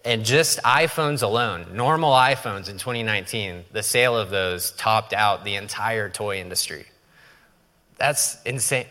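A male pastor preaches with a bright, forceful voice, in a casual, joking way. He often slips into quoted voices for effect. The sound rings with the long reverb of a large church hall. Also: fairly low pitch, moderate pace. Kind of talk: sermon.

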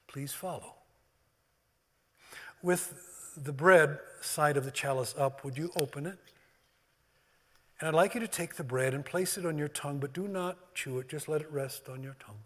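A man preaching and leading communion, swinging from loud emphasis to hushed, near-whispered words. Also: a little high, measured pace, long pauses. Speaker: pastor. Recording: long hall reverb.

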